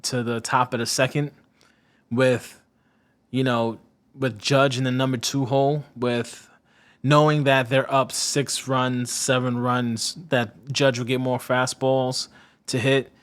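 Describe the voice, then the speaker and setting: A man co-hosting a casual sports podcast, talking at an ordinary middle pitch. He rambles through his points, restarts his sentences, turns sarcastic and stops to hunt for names. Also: level tone, slow, fairly bright tone. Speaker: podcast co-host.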